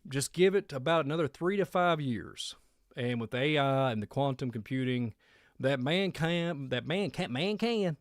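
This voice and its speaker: In a clean studio recording with no room sound, a Kentucky man with a country accent hosts a relaxed radio-style monologue. He has a medium-pitched voice, and he rambles and laughs frequently.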